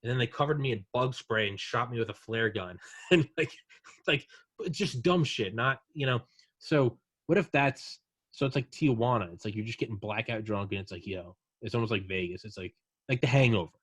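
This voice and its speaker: A young man talks in a loose, rambling way, full of swearing and silly bits where he plays other people. His voice sits at an ordinary pitch. It is close and dry, with no room sound. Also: normal speed, fairly bright tone, breathy edge, no echo. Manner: rambling, profane, acts out drunk aliens in quotes. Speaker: podcast host. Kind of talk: casual chat.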